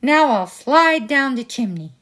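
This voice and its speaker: Storybook big bad wolf, angry schemer, growled lines, read by a woman with a lively high voice. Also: measured pace, exaggerated voice. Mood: growling threats.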